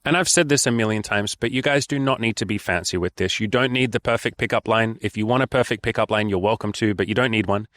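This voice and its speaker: Man, young adult, dating coach, blunt and frank, swearing, low voice, dry close sound. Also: fast talker, few pauses, fairly bright tone, no room sound. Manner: blunt, frank, swears often, acts out dialogue. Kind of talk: casual vlog advice.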